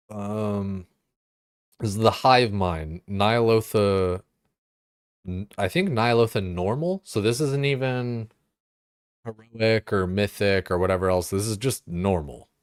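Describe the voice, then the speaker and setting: Low-voiced man in casual stream chat. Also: clear, resonant tone, dry recording, studio quality. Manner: rambling, profane, filler-heavy. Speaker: game streamer.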